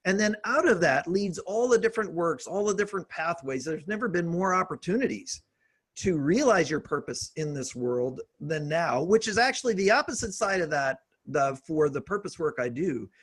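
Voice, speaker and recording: Middle-aged male guest, husky, a touch high, steady and explanatory. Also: moderate pace. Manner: steady, explanatory, asks rhetorical questions. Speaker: guest author and leadership coach. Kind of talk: conversational interview.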